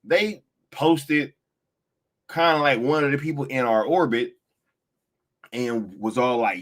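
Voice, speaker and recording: A young man hosting a live stream, chatting casually and mocking online critics in slangy, animated talk with frequent laughter. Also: medium pitch, slow pace, pauses often.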